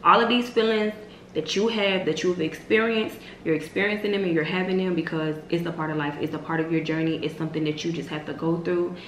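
A woman in her twenties giving emphatic, repetitive motivational faith talk as a vlog host, with sudden loud high exclamations. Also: fairly even intonation, a little fast. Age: 20s. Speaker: vlogger host. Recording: roomy echo with faint hiss.

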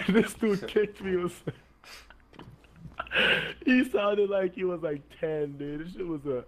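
A man's voice: fairly high pitch, lively intonation, a little slow. A young man streaming a game, chatting casually and telling rowdy, profane stories. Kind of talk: casual gaming chat. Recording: faint background noise.

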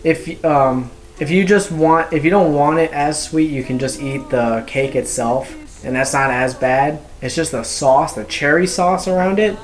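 A man's voice: fairly high pitch, unhurried, hardly any pauses. A man reviewing a restaurant in a casual vlog, gushing with enthusiasm and tossing in playful asides.

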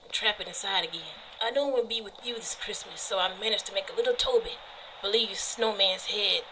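A solemn older country grandpa, as a woman puts him on, speaking in a Southern US drawl for a horror game tape. He is earnest and measured, and the voice stays bright for a man. Faint ambience hums underneath. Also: medium pitch, a little hiss or hum, pitched below the performer's own voice, natural voice, poor audio. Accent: Southern US country, put on.

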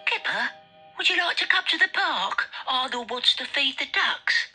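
A woman voicing a helpful puppet friend with a breathy, chirpy, matter-of-fact voice in an amateur puppet show. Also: high voice, animated, normal speed, bright, forceful tone, soft background music, exaggerated voice. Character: helpful puppet friend offering a hiccup cure.

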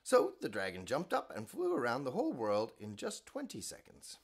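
Man narrating bedtime stories, very expressive. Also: medium pitch, moderate pace, gravelly, breathy edge. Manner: gentle, playful, expressive storytelling. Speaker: children's bedtime show host.

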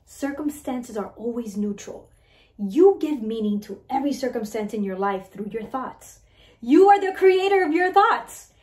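Woman, motivational coach, animated, high voice, roomy echo. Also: normal speed. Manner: animated, keeps asking "right?". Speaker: mindset and weight-loss coach. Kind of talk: motivational talk to listeners.

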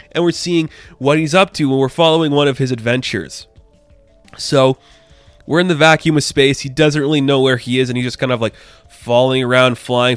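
A man's voice: mid-range voice, a bit bright, no echo. A young man giving a casual comic book review, rambling and enthusiastic with lots of filler words.

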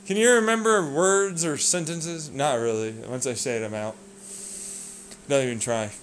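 A man in a rambling, profane vlog rant that swings between low muttering and loud outbursts. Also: normal speed, a little hiss or hum. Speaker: vlogger. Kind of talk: ranting monologue.

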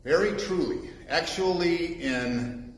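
A man's voice: fairly high pitch, takes it slowly, reverberant, low-quality recording. A man preaching a sermon as pastor after reading scripture, emphatic and repeating key phrases for weight. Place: church sanctuary.

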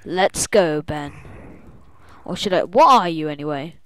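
A woman's voice: deep voice, animated, unhurried, clear, resonant tone, no echo, poor audio. A woman playing a video game and acting as game master, reading a quest aloud with drama and yelping when things go wrong. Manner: reads dramatically, then yelps and complains.

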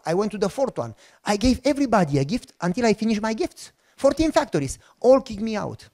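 A man with a Romanian accent telling a personal testimony as a sermon, acting out the dialogue and bursting into shouts. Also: sits high, quick pace. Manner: animated storytelling with acted-out dialogue and shouted outbursts. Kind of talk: sermon storytelling.

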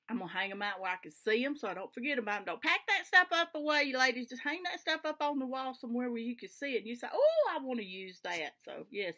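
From her home craft room, a Southern-accented woman who makes flosstube videos talks warmly and eagerly to the camera in a relaxed, homey way. Her voice is medium-pitched with a sharp tone.

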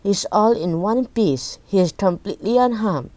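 Woman reading eccentric candy maker man, excitable, storybook, slow delivery. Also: medium pitch, no echo, natural voice. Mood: triumphant.

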